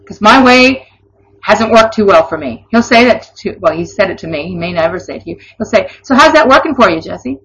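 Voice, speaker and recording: A woman's voice: mid-range voice, fairly quick, slight background noise. A woman giving an informal Christian devotional teaching, earnest and conversational, with laughing asides. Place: online or broadcast session. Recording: dull lo-fi recording.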